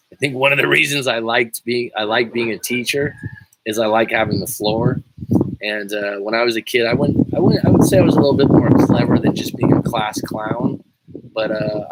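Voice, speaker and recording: A man's voice: fairly low pitch, very noisy. Joking, profane male livestream coach. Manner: joking, profane, rambling with restarts. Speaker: life coach. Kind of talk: casual livestream talk, reading viewer comments.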